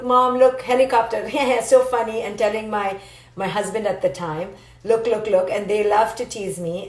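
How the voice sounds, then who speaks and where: A woman psychologist giving a playful, animated live talk to viewers and answering their comments. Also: mid-range voice. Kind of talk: live-stream motivational teaching. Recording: roomy echo.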